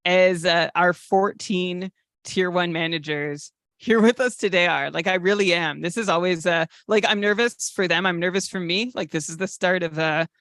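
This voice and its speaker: A man's voice: high-pitched, normal speed, a bit bright, no room sound, studio quality. A man co-hosting a podcast, talking in a nervous, rambling way with lots of fillers. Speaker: podcast co-host. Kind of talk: casual podcast chat.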